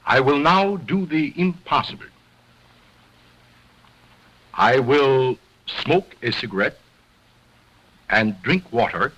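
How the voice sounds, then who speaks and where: An arrogant, self-adoring ventriloquist in an early talkie. His voice is bright and forceful, and he speaks brusquely, boasting and scolding those around him. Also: mid-range voice, breathy edge, heavily acted, poor audio. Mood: announcing. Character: arrogant egocentric male stage ventriloquist. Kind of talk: early talkie film acting.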